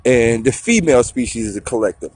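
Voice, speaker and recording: A man telling a story in a profane, slangy, animated way on a talk show. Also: mid-range voice, fast talker, slightly rough.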